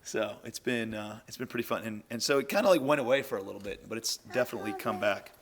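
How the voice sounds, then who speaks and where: A man's voice: lowish voice, fast. A man in his thirties hosting a podcast, talking in a chatty, easygoing way with loose fillers. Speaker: podcast host interviewing his daughter. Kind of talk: casual conversational interview.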